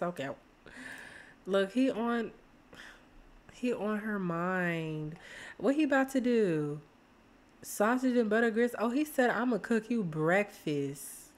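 A woman, chatting excitedly to viewers while playing a life-sim game. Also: medium pitch. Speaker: gaming streamer. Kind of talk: casual let's-play commentary.

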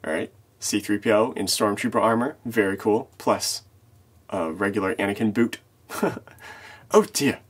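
A man hosts a casual toy showcase vlog in an easygoing way, chuckling between remarks. His voice is fairly low and husky. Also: steady tone, normal speed. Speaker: toy channel host.

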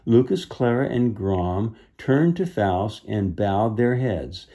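A man reads a children's storybook aloud and stops now and then to explain it gently to young listeners. He reads slowly, and his voice has a gravelly, creaky edge. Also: on the low side, lively intonation. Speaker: storybook reader. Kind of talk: reading a children's book aloud with asides.

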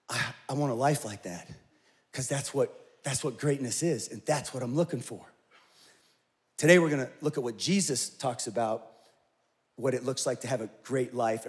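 A man in his forties, a pastor telling a story in a sermon, acting out the voices of the people in it. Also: medium pitch. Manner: animated storyteller, acts out voices.

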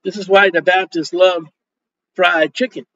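A man preaching a sermon in a joking, animated way. He acts out quoted dialogue as he goes. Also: high-pitched, a little slow, dry recording. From Polish Roman Catholic upbringing. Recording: dull lo-fi sound.

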